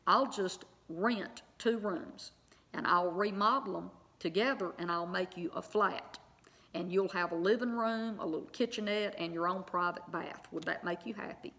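A woman's voice: lowish voice, moderate pace, sharp tone. A middle-aged woman telling a personal story to her viewers in a chatty way, full of fillers and little tag questions. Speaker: online Bible teacher.

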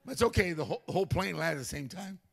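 An older male pastor telling a story during a sermon, animated, acting out other people's voices. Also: high-pitched, racing, creaky, husky. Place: church.

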